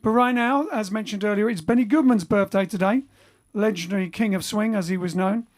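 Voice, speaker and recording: A man hosts his band's lockdown livestream from home, his high-pitched voice running a little fast. He reads viewer comments aloud and chats in a loose, rambling way, stumbling through fillers and restarts.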